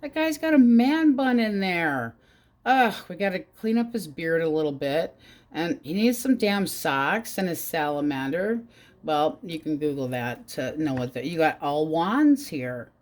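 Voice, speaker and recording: Woman, low voice, casual tarot reader, blunt and profane. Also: animated, unhurried, a little mellow. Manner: blunt, swears freely, quotes in exaggerated voices.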